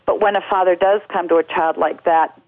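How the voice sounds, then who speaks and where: A woman speaks over a tinny, phone-like line with a low voice. The sound is dry and close, with no room around it. She answers earnestly and reflectively, often pausing on fillers and starting her sentences again. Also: fairly even intonation, no room sound. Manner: reflective, with many fillers and restarts. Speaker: guest speaking on parenting and faith. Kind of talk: earnest radio interview answers. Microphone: telephone.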